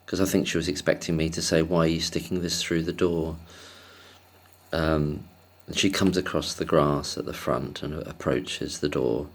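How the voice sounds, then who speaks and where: Low-voiced man rambling hesitantly. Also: fairly even intonation, moderate pace. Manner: hesitant, self-deprecating, chuckles often. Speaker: vlogger. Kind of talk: rambling casual monologue.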